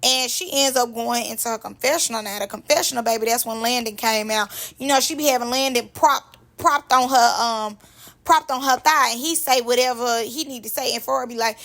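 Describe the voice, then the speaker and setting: A young woman hosting her own vlog, recapping reality TV in an animated, slangy, chatty way. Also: fairly high pitch, a little fast. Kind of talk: casual commentary vlog.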